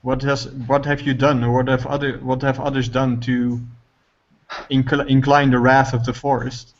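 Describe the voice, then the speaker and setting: A frightened young elf, as a man plays him, stammering out urgent questions in a middle-pitched voice. The recording is muffled and lo-fi. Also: level tone, normal speed, lightly acted.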